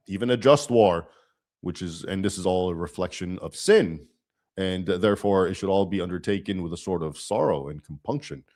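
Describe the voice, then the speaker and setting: Low-voiced man lecturing on a livestream. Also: darkish tone. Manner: lecturing, often checks in with "okay?". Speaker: livestream host.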